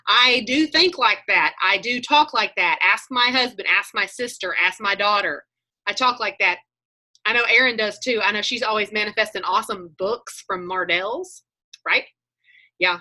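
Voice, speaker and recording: A woman's voice: medium pitch, moderate pace, bright, forceful tone. A woman, talking on a video call, telling chatty stories and acting out her own thoughts as she coaches a group.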